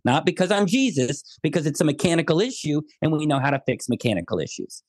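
An American man in a remote interview, his fairly high voice swinging through jokey stories and acted-out quotes. The sound is close and dry, with almost no room around it. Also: fast talker, breathy edge, no room sound. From United States. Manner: animated, jokey storytelling with quoted asides. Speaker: guest. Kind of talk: podcast interview.

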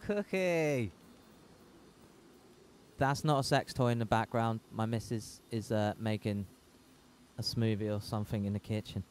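A man giving casual, excitable commentary while playing a game with friends, laughing and exclaiming often. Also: lowish voice, moderate pace, a little hiss or hum. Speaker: gaming streamer.

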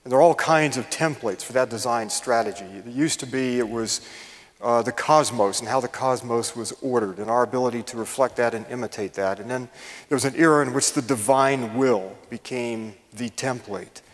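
A man's voice: mid-range voice, normal speed. Older man lecturing in a reverberant hall. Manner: folksy, self-deprecating storyteller with many fillers. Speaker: guest lecturer. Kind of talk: public lecture with humor.

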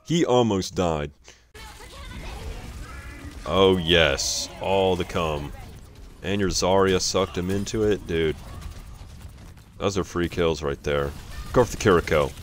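A man's voice: deep voice, slow, long pauses, soft background music. A young man casually commenting on someone else's gameplay, exasperated, swearing and laughing often.

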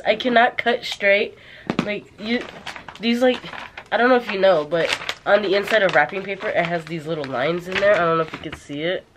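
A woman's voice: mid-range voice, noisy background. Chatty young woman vlogging to camera. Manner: chatty, filler-heavy, confiding. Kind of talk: casual vlog chat to camera. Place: at home indoors. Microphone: handheld camera at arm's length.

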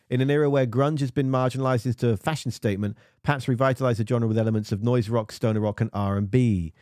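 A man's voice: medium pitch, fast, darkish tone, dry recording, studio quality. A man reviewing music videos in casual screen-share commentary, rambling and poking fun at himself. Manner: rambling and self-mocking.

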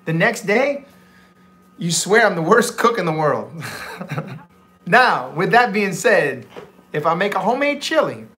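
A man with a Cajun Louisiana accent that blends in a New Orleans twang talks loosely to his live cooking viewers. His voice sits a little high for a man. He rambles and restarts his sentences, filling the gaps with easy asides. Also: very animated, unhurried, long pauses, bright, forceful tone. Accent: Louisiana Cajun, mixed with New Orleans. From Louisiana, USA. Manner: rambling, chatty, many restarts and fillers. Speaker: cooking livestream host. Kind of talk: casual chat on a livestream.

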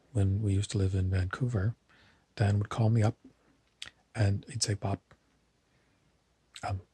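A man's voice: deep voice, a little mellow, no echo. A man telling meandering, digressive stories in a casual monologue to camera. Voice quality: husky.

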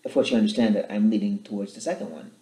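A man's voice: lively intonation, very fast, warm tone, reverberant, poor audio. A man giving a short Bible teaching, earnest and explanatory, reading scripture aloud and then questioning how it is used. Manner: earnest, rises in pitch and volume when reading scripture aloud.

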